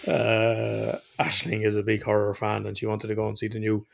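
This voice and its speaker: A man's voice: lowish voice, monotone, moderate pace, gravelly. An Irish man telling rambling stories in casual podcast chat and swearing freely. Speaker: podcast co-host.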